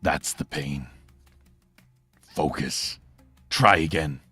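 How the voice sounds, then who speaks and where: A man voicing a stern old male mentor who gives short, low commands in a tabletop game. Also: extremely slow, bright, forceful tone, soft background music, heavily acted. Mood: commanding.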